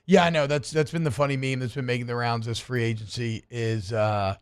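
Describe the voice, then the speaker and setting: A man's voice: mid-range voice, steady tone, brisk, clear, resonant tone. A man co-hosting a sports radio show, talking in brash, joking banter and trash talk.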